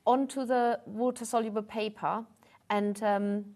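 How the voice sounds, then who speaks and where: A woman guest crafter on a live sewing show, explaining step by step in a relaxed way with frequent ums. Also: fairly high pitch, measured pace. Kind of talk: craft demonstration.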